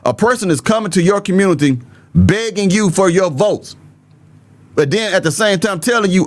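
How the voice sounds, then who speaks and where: A high-pitched man from the Southern United States, with a mild Southern accent, hosts an opinionated political commentary video. Talking at normal speed, he addresses his viewers bluntly and emphatically, straight to camera.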